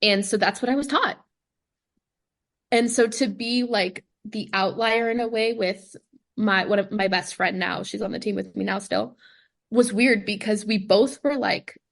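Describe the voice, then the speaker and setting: Her voice gravelly and medium-pitched, a young woman, a pro dancer, unhurriedly shares her story as a podcast guest. The interview is casual, and she is animated, full of "like," and performs the voices of those she quotes.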